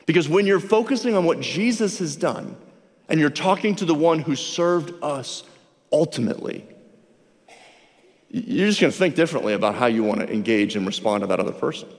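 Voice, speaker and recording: Male pastor mid-sermon, lively and animated, voicing characters in his illustrations, reverberant church sanctuary. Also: a little high, a little fast. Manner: animated, acts out both sides of conversations.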